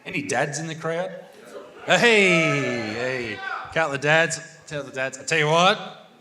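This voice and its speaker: A man's voice: a little high, unhurried. A young Australian man doing a crude, swear-filled stand-up set on a comedy stage, telling stories to a live crowd. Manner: crude, swearing, brash storytelling.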